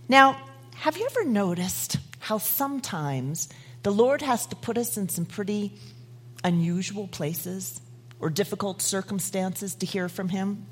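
A woman giving a devotional message and reciting a poem, expressive and dramatic, sometimes dropping to a whisper. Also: medium pitch, measured pace, slightly rough. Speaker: devotional speaker.

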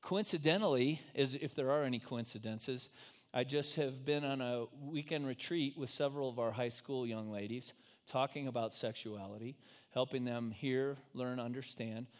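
A man's voice: medium pitch, moderate pace. Casual, joking pastor, man. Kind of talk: sermon. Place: church.

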